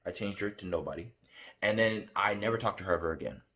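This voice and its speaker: A man vlogging as he recounts a dream, talking in a rambling, excitable way with many fillers and restarts. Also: on the low side, quick pace. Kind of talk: casual storytelling to camera.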